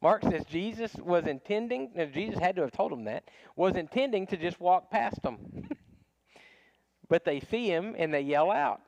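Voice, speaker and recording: A man's voice: high voice, lively intonation, moderate pace, darkish tone, no room sound, poor audio. A man teaching a casual Bible study class, talking conversationally with frequent restarts and small chuckles.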